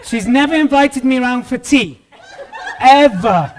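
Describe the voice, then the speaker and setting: A British man giving a lively motivational talk on stage to a live audience, joking with the crowd. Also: very high voice, measured pace. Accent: British English. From Britain. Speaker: keynote speaker.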